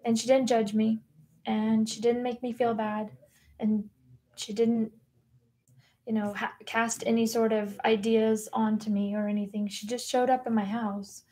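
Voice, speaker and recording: A woman's voice: fairly high pitch, little pitch movement, unhurried, mellow. A woman guest on a podcast, telling her personal story in an earnest, reflective and candid way. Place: podcast recording room.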